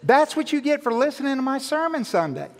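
A male pastor with a high voice for a man, preaching in a lively, self-mocking storytelling manner. His words carry a long reverb that fills the church sanctuary. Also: fairly quick. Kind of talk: sermon.

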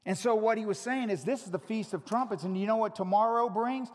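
A male pastor preaching a sermon, teasing his congregation and swinging from loud shouts to hushed, drawn-out emphasis. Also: high-pitched. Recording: long reverb of a large hall.

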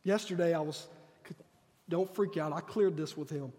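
A man's voice: fairly high pitch, moderate pace, a little mellow, big-room sound. A man preaching a sermon, telling a personal story earnestly and acting out the dialogue. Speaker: pastor. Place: church sanctuary.

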